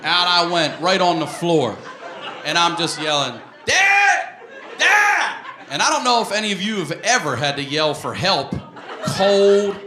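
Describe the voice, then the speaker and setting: Male stand-up comic, animated, lively pitch, echoey live room with noise. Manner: animated, shouts in acted quotes, audience laughter. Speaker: stand-up comedian. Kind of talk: stand-up storytelling. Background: audience laughter.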